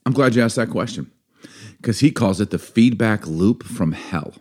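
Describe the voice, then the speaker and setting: A man's voice: fairly low pitch, moderate pace. A man casually retelling ideas from a book on a podcast, animatedly acting out the people he quotes. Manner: animated, acts out quoted voices.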